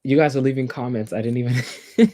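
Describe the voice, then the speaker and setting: A man's voice: mid-range voice, a little fast, dark tone. A man hosting a casual livestream, rambling and chatty, with lots of fillers. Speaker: livestream host.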